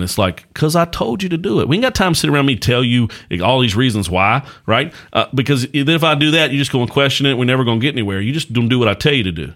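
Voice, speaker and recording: A middle-aged man with a deep, low voice talks casually on a podcast. He tells folksy stories as a pastor and host, in a relaxed conversational way.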